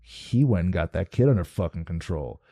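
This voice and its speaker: A man from New Jersey with a low, very dark, mellow voice tells a story in a loose, profane, rambling way, full of restarts. The sound is close and dry, with no room around it. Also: lively intonation, moderate pace, dry recording. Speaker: guest. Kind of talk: casual storytelling.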